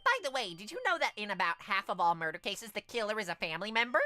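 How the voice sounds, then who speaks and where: A woman's voice: mid-range voice, animated, fast talker, bright, forceful tone, faint music behind. A woman voicing a gleeful, sinister male teddy bear mascot in a fan dub. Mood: gleefully sinister.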